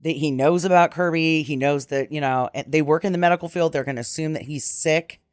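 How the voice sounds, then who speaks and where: A podcast co-host in casual chat who speaks in a measured, hesitant way and defends the film's characters. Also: mid-range voice, clean tone, dry recording, studio quality. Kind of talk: casual movie-recap chat.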